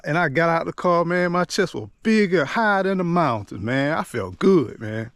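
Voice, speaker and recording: A man's voice: fairly high pitch, moderate pace, smooth, no echo, clean studio sound. Middle-aged man telling his story. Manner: conversational, drops in "man" and "you know what I'm saying" often; repeats and restarts words as he recalls. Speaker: motivational vlogger. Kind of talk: personal storytelling.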